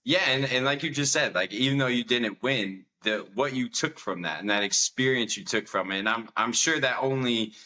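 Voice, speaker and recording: A man's voice: medium pitch, moderate pace, hardly any pauses, bright, forceful tone, rough recording. A man hosting an interview, affirming his guest and asking long, rambling questions. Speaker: interview host. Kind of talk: interview conversation.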